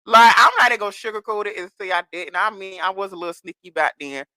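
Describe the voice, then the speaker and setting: Bright-voiced man telling candid stories. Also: high voice, quick pace, clear, resonant tone, no echo. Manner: candid storytelling, slips into voices of others. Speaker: podcast guest. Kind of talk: casual chat.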